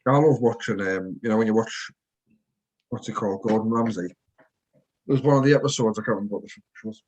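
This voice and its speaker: A man's voice: on the low side, quick pace, darkish tone. A man co-hosting a casual, sweary chat outdoors at a barbecue, telling stories with animation. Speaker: co-host. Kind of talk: casual banter.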